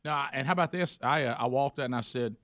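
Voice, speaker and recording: A man's voice: medium pitch, fast, no room sound, clean studio sound. A man hosting a radio show, telling stories in a casual way and acting out the people in them. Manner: animated, acts out the people in his stories. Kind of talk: casual talk-radio storytelling.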